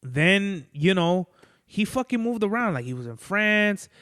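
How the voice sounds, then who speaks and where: Podcast host, male, loose rambling monologue, slightly high and crisp, dry close sound. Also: sing-song, measured pace, fairly bright tone, no echo. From Mexican-American family. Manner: rambling, profane, lots of "like" and "bro". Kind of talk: casual solo monologue.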